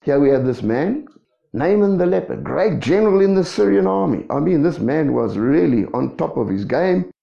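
A man preaching a sermon, asking the congregation rhetorical questions in a lively way. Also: fairly high pitch, normal speed, vocal fry. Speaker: pastor. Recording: echoey dull room sound.

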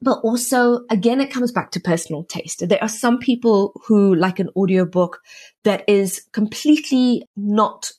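A woman who works as an audiobook narrator and actress, talking in an animated, chatty way with many restarts. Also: medium pitch, moderate pace, husky. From South Africa. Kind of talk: conversational interview.

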